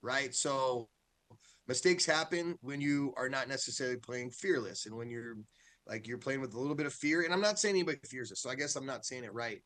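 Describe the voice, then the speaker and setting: A man, a high school football coach, talking candidly and loosely in a casual interview, often checking in with "right?". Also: fairly quick, a bit bright.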